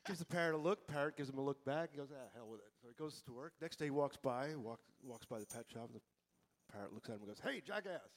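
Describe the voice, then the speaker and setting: A man telling a long joke on stage at a live music gig, in a deadpan, unhurried way, through a stage microphone. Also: mid-range voice. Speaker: joke teller at a band gig.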